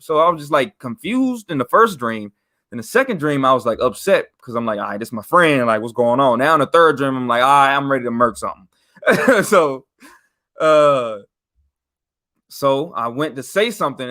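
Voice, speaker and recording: A young man telling a ghost story on a podcast, in a relaxed and slangy way. His voice sits at an ordinary middle pitch and climbs sharply when he gets worked up. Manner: animated, slangy, rises in pitch and volume for emphasis. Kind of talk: casual storytelling.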